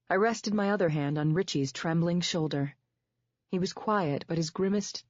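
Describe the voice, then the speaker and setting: A woman reading a thriller in first person, measured and tense, recorded dull and dry. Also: fairly low pitch, dry recording. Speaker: audiobook narrator. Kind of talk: first-person scripted narration.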